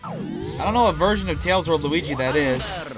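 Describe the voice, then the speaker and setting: A man's voice: fairly high pitch, animated, moderate pace, over music. A man hosting a reaction video, chatting casually and rambling with lots of fillers and the odd swear word. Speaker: reaction channel host.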